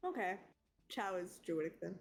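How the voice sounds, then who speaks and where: A woman's voice: fairly low pitch, animated, normal speed, soft background music. Giggly, rambling woman at a game table. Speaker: streamer and tabletop game player. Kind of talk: casual tabletop game chat.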